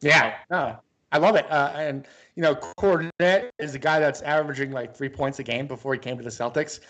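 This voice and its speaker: A man with a fairly high speaking voice co-hosts a casual sports talk show. He rambles through his points, stopping and restarting often with plenty of fillers. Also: normal speed, a bit bright. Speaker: sports podcast co-host.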